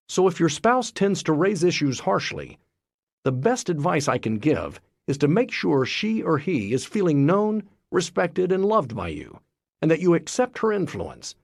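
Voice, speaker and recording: A man reading a self-help book aloud as scripted narration, in a lively, expressive way. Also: on the high side, a little slow, vocal fry, no room sound, clean studio sound. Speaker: audiobook narrator.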